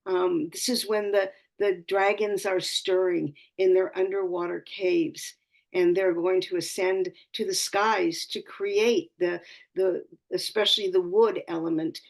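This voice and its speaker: A woman's voice: on the low side, fairly even intonation, unhurried, gravelly. A woman astrologer giving an earnest, spiritual talk on a community call, searching for words and often restarting her phrases.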